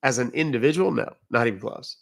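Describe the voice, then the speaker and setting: A man's voice: mid-range voice, fast talker, vocal fry. A man from England with a British accent, hosting a livestream and chatting loosely with viewers in a rambling, self-interrupting way. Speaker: livestream host. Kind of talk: casual livestream chat answering viewers.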